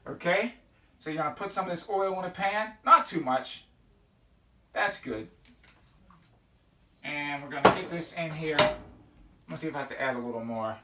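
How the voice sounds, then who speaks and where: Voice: mid-range voice, moderate pace, long pauses, pushed and bright, slight background noise. A cooking show host giving a casual, folksy demonstration at the stove, often checking in with "okay?" and letting out sudden whoops. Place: kitchen at a stove. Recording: echoey kitchen from a distant mic, with sizzling pans.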